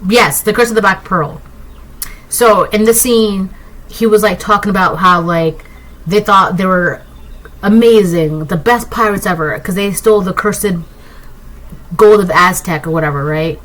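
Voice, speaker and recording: A woman giving a casual collective tarot reading, rambling and excitable, often tagging her points with "right?". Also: medium pitch, unhurried, low-quality recording. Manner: keeps asking "right?". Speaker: tarot reader.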